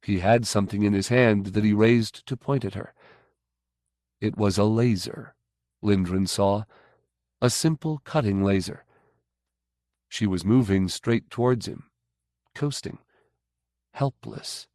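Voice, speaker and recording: Male audiobook narrator, measured and even, lowish voice. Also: no echo, studio quality. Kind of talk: scripted narration.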